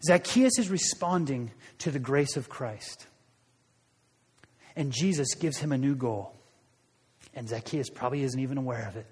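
A man's voice: medium pitch, lively intonation, moderate pace, long pauses, husky, in a large hall. A man preaching a sermon, telling a story in a loose, conversational way with frequent restarts. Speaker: pastor.

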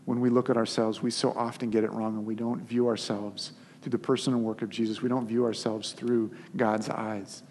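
A man preaching a sermon as a pastor, telling the story in an animated, conversational way. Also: on the low side, normal speed, a little hiss or hum. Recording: long hall reverb.

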